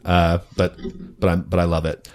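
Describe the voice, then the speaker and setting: A man's voice: deep voice, completely flat delivery, moderate pace, a little mellow, slight background noise. A man hosting a casual podcast, teasing his co-hosts and laughing often. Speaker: podcast host. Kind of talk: casual chat.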